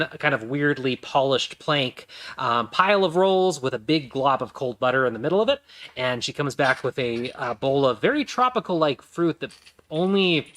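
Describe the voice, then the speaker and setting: A man's voice: mid-range voice, bright, forceful tone. A man narrating a tabletop game as game master, describing the scene in detail with frequent ums. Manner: descriptive, hesitant with many ums.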